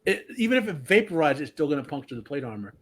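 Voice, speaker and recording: A man's voice: a little high, very animated, fast, crowd noise. Man explaining engineering in casual chat. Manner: explanatory, many restarts and fillers. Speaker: panelist, engineering graduate.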